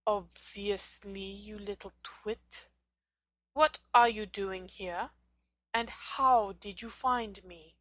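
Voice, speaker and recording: A woman's voice: mid-range voice, steady tone, slow pace, a bit bright, no echo. A woman voicing a stern, sneering male potions teacher's ghost in a fan fiction audiobook reading, talking coldly and scornfully in clipped lines.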